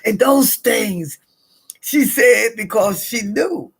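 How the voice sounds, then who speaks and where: A woman's voice: fairly high pitch, expressive, slow pace, vocal fry, breathy edge. A middle-aged woman with a Southern US accent, chatting and telling stories in a drawling, laughing manner. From American South. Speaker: vlogger. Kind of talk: casual morning chat and storytelling.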